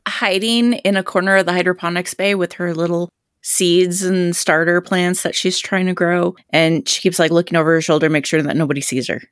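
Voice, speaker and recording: Woman at a tabletop game, playful and quick, lowish voice, dry sound. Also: steady tone, clean tone, no room sound. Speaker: player. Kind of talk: describing her character at a tabletop game.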